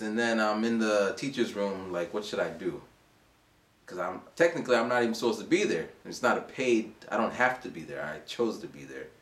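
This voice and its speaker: A man around forty, an English teacher, casually telling a rambling story for his vlog. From United States. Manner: animated, rambling, acts out voices in a high pitch. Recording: roomy echo.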